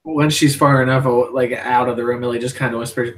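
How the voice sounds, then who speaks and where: Brief: male player, casual laid-back narration, mid pitch. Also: steady tone, a little fast, rough recording. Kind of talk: narrating a tabletop game.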